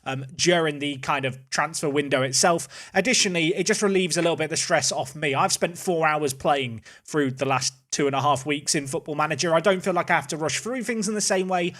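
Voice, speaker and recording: A man's voice: fairly high pitch, a little fast, hardly any pauses, fairly bright tone. A man hosting casual gameplay commentary, chatty and thinking aloud as he plays. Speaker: host.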